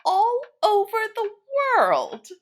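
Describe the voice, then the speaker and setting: A woman's voice: high voice, sing-song, measured pace, breathy edge, voice pushed up, exaggerated voice. A woman voicing a nosy, meddling woman who keeps firing incredulous questions in an audio drama. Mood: prying.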